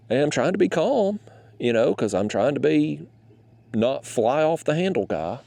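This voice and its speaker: A man who hosts a fishing channel, telling a story to the camera in an animated, exasperated rant. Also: fairly high pitch, normal speed, gravelly, dry recording.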